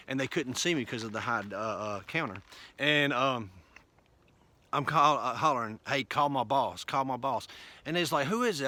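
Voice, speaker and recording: A man tells a personal story in a loose, casual way. His voice is bright and clear, and he rambles, restarts sentences, and acts out the other people in the story. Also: medium pitch. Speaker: truck driver.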